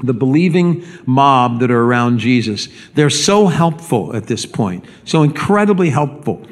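A man's voice: mid-range voice, expressive, measured pace. A man preaching a sermon as pastor, speaking emphatically and often repeating words as he builds a point.

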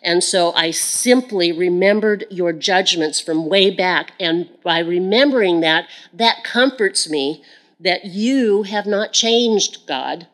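A woman's voice: fairly low pitch, takes it slowly, low-quality recording. A woman giving an earnest sermon as a Bible teacher. She repeats phrases for emphasis and often turns to speak to God directly in prayer.

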